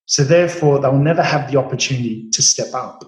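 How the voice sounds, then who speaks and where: A medium-pitched, slightly mellow male voice belongs to an Australian chef in his late forties, guesting on a storytelling interview. Speaking briskly, he shares cooking-career anecdotes filled with fillers and restarts, in a roomy, echoing recording.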